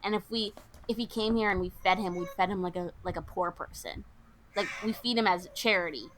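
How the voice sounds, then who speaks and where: A woman's voice: mid-range voice, fairly quick, fairly bright tone, a little hiss or hum. A young woman co-hosting a podcast, casually retelling a film's plot and acting out the characters' lines. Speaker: podcast co-host. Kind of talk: casual chat recapping a film.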